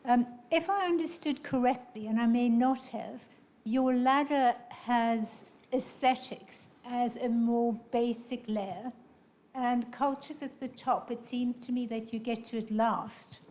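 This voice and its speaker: A woman's voice: a little high, measured pace, darkish tone. A woman in the audience asking a careful, polite question.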